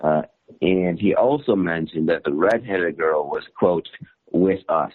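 A man's voice: deep voice, a little slow. A man telling a story as a journalist guest, rambling with fillers and laughs. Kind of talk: casual storytelling on a call-in show. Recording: tinny phone line.

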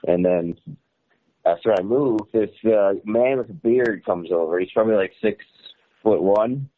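Over a tinny phone line, a journalist guest on a call-in show tells a casual story, rambling along with fillers and laughter. His voice is lowish and his pace measured.

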